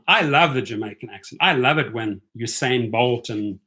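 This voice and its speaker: This rideshare channel host speaks at a measured pace with a mid-range, fairly bright voice and lively intonation. Chatty and relaxed, he talks with his livestream viewers and keeps asking "right?" after what he says.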